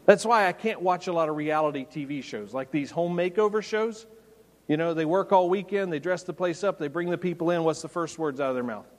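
Male pastor, conversational and emphatic sermon, slightly high voice, long hall reverb. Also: fairly quick. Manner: conversational, emphatic preaching with folksy anecdotes.

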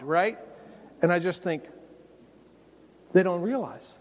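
A man's voice: high voice, slow. Preaching man in a reverberant hall. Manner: conversational, emphatic preaching with folksy anecdotes. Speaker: pastor. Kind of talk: sermon. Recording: long reverb of a large hall.

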